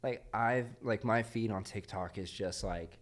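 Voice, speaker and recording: A man's voice: lowish voice, unhurried. A young man hosting a podcast, telling stories in a laid-back, casual way and laughing often. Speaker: podcast host. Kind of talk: casual chat. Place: podcast studio.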